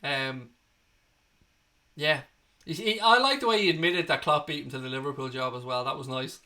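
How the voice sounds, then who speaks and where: A fan channel host, chatting casually on a live stream. His voice is bright and forward and sits a little high for a man. He reads out viewer messages and answers them with cheeky banter and a bit of swearing. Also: normal speed. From Ireland. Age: 30s. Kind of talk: casual livestream chat.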